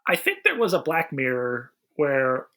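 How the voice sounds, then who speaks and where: Measured in pace and mid-range in pitch, a podcast co-host rambles through a casual movie review. He restarts often and retells scenes with animation.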